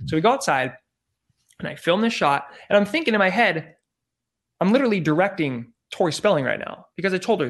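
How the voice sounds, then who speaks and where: Animated storytelling man, slightly high voice. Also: a little fast. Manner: animated, acts out quotes, frequent "like" and swearing. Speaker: former celebrity photographer. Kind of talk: casual storytelling.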